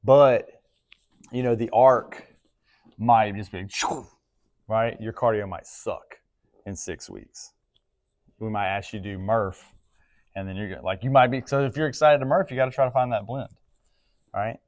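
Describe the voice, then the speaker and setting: Casual, lowish-voiced male coach. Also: steady tone, measured pace, long pauses, a little mellow. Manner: casual, asks the group questions often. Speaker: strength coach. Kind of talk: classroom coaching talk.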